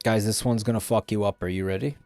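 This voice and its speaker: A man's voice: fairly low pitch, steady tone, quick pace, darkish tone, no room sound, faint music behind. A man streaming live and chatting casually, joking around and swearing freely.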